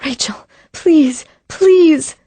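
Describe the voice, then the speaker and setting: A woman narrator voicing a frantic young woman who shouts and sobs, raising her voice high above her reading tone. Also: moderate pace, no echo, natural voice. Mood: desperate, tearful. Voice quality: cries and shouts in panic. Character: frantic woman trying to revive her friend. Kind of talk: audiobook character voice.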